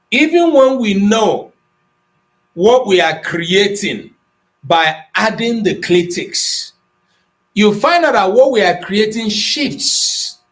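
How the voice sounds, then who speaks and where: A middle-aged Nigerian man with an Igbo accent teaches a language class, slipping between Igbo and English. His voice sits a little high for a man, and he explains things patiently, stopping to check in with his students. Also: low-quality recording. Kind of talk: online class lesson, mixing Igbo and English.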